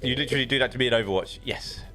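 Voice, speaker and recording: Casual British male streamer, mid-range pitch, loose chatty delivery that restarts a lot, light music bed behind. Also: rapid-fire, bright, forceful tone. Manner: rambling, chatty, often restarts sentences. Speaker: live streamer. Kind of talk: casual live-stream chat. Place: home desk setup.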